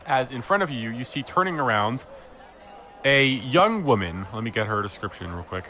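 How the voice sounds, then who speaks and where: A man's voice: mid-range voice, big pitch swings, moderate pace, sharp tone, slight background noise. A man serving as game master, narrating a tabletop game with a rambling, filler-heavy delivery.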